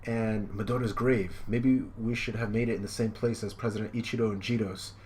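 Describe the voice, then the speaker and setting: A man's voice: fairly low pitch, fairly even intonation, a little fast, a little mellow, a little hiss or hum. A young man reading and reacting to a manga live, rambling and amused, with many fillers.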